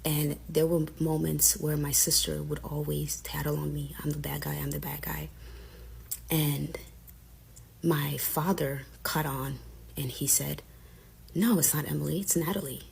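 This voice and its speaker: A woman's voice: deep voice, little pitch movement, unhurried, creaky, a little mellow, a little hiss or hum. A young woman casually recounting a personal story, candid and frustrated, acting out the lines of family members as she goes.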